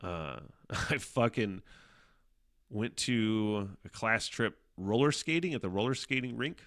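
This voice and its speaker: Solo podcast host, male, bright forceful tone, foul-mouthed rambling storyteller who keeps laughing. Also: lowish voice, lively intonation, slow. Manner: profane, rambling, laughs often.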